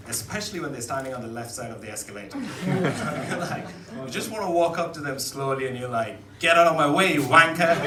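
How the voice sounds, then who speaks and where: Brief: male stand-up comic, chatty and cheeky, animated delivery, roomy distant live sound with a roaring crowd. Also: medium pitch, background noise. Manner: chatty, cheeky, laughs at his own jokes. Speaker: stand-up comedian. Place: comedy venue stage. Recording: echoey live room from a distance, loud crowd. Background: loud audience laughter and cheers.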